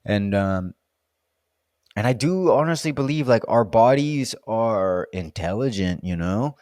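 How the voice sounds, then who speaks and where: A man's voice: on the low side, expressive, measured pace, a little mellow, no room sound, clean studio sound. A man in a casual, reflective monologue, rambling and musing with plenty of fillers. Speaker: vlogger.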